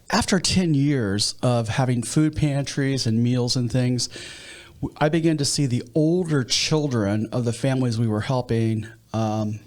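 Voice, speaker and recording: A man with a Midwestern American accent talks through his story as a guest on a podcast. He is a pastor, and his voice sits at a middle pitch. He talks in an unhurried way and often restarts his sentences. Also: darkish tone. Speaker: nonprofit leader and pastor. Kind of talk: interview conversation.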